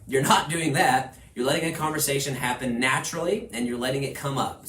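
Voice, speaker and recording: A man from Houston giving a class to real estate agents, energetic, acting out little quoted conversations as he talks. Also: medium pitch, fast talker, few pauses, a little hiss or hum. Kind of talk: class lecture. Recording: echoey room with faint ambience.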